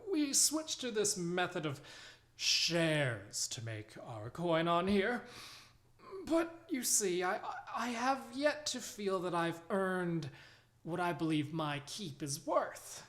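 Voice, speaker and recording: A man's voice: high voice, very animated, slow pace, fairly bright tone, voice pushed up, full character voice. A man voicing an older male halfling crewman who is anxious, hesitant and wheedling. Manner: hesitant, stammering, pleading.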